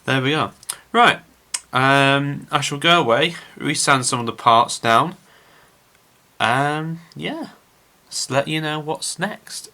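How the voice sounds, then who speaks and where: A man's voice: medium pitch, slow, bright, forceful tone. A man casually narrating his scale model build to viewers, chatty and rambling with frequent filler words.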